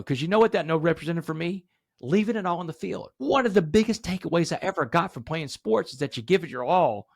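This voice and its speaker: A man in his forties, a podcast guest, telling his story emphatically and rising to animated peaks. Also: medium pitch, creaky, no room sound, clean studio sound. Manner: addresses host directly, asks rhetorical questions. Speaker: podcast guest, motivational speaker.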